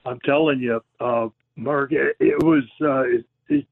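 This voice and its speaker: Guy calling into a radio show, spinning a lively story, tinny phone sound. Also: medium pitch, a little slow, creaky. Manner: lively storyteller acting out quoted voices. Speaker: guest. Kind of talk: telling a story on a radio call-in.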